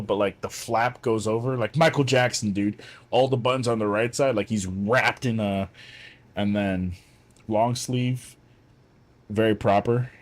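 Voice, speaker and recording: A man's voice: fairly low pitch, dry recording. A man chatting casually while streaming a game, rambling and joking with plenty of swearing. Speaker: gaming streamer. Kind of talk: casual chat while playing.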